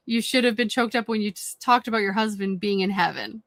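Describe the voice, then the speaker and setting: A woman's voice: mid-range voice, brisk, fairly bright tone, dry recording. A woman commenting on played clips in a conversational, repetitive way with frequent fillers.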